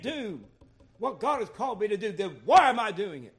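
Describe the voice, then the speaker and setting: A man preaching a sermon in a church, animated, dropping to soft asides and rising to loud emphatic calls. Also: high voice, a little fast.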